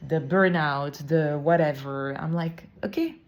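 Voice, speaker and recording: A woman talks through a personal story on her podcast in casual, reflective monologue. Her voice sits low and sounds mellow and relaxed. She tells it expressively and now and then slips into fillers. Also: moderate pace. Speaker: podcast host.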